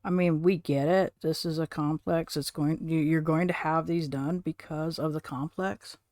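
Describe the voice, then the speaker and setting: A woman streaming from home, chatting casually and rambling to her viewers, now and then cooing softly to her cat. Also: low voice, fairly even intonation, moderate pace, no room sound, clean studio sound.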